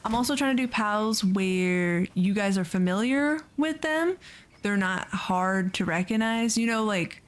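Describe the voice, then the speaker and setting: A woman's voice: mid-range voice, lively intonation, measured pace. A woman hosting a let's play video, giving casual, chatty gameplay commentary and gushing over the creatures she raises.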